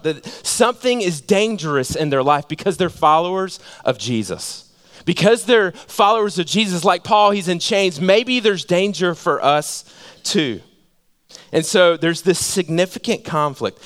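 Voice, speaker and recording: A male pastor preaching a sermon in a conversational way, repeating phrases for emphasis and dropping to a hush. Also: a little high. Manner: conversational, repeats phrases for emphasis, swings between loud and hushed.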